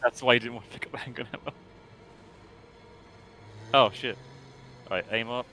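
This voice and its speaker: A man sitting in on a game stream, giving quick, dry tips and advice in casual chat. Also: mid-range voice, fairly even intonation, sharp tone, faint music behind. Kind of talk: casual chat over gameplay.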